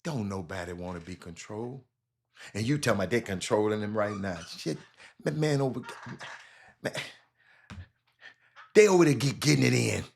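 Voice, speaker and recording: A man's voice: lowish voice, lively intonation, moderate pace, vocal fry, long pauses, a little mellow. A man hosting a live sports talk show with a Southern US accent, speaking animatedly and calling out chat viewers by name.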